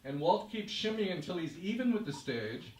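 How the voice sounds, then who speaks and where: A man performs a live story, speaking straight to the listener in a vivid, measured way. His voice sits a little high for a man. It reaches the mic from a distance and carries the echo of a big room. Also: very animated, a little hiss or hum. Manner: second-person narration, vivid and measured. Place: stage in a hall. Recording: echoey room, voice from far off.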